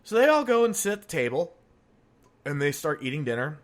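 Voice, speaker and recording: A man's voice: a little high, sing-song, fairly quick. A man hosting a podcast, telling jokes in casual chat and laughing at his own punchlines. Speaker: podcast host.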